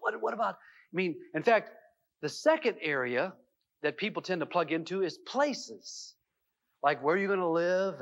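A middle-aged man telling a personal story in a self-help seminar talk, folksy and animated, with lots of fillers and restarts. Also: a little high. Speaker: seminar speaker. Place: seminar room. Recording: dull lo-fi VHS tape audio.

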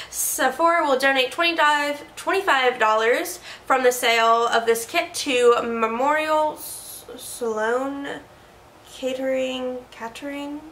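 A woman's voice: high voice, sharp tone, slight background noise. A woman chatting casually as she reviews products, playful and joking, often correcting herself. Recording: echoey room.

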